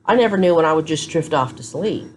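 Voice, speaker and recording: A woman with a low voice chats to her phone camera from a hospital room. She sounds tired. She tells her story bluntly and candidly, like a vlogger keeping it real. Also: animated, fast, darkish tone, slight background noise. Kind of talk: casual chat to camera.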